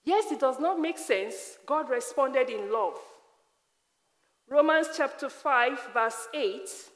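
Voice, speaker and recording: A high-voiced woman from Africa preaches a personal testimony, emphatic and slowing to repeat key phrases. Her words carry a long reverb from a large hall or church. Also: lively intonation.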